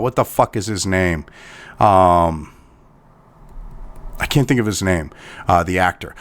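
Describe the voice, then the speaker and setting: A man's voice: mid-range voice, a bit bright. A man delivering an angry, profane commentary rant, exasperated and swearing constantly. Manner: swearing heavily, exasperated, sighing. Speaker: commentary host.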